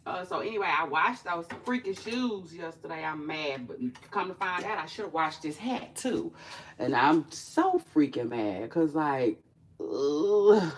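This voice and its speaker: A woman vlogging in casual chat to camera, animated, profane and chatty, talking straight to her viewers. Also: low-pitched, measured pace, noisy background.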